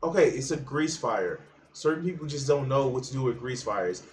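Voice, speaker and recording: A man's voice: mid-range voice, animated, normal speed, faint music behind. A man hosting a livestream, giving blunt, profane reaction commentary with frequent restarts. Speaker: livestream host reacting to videos.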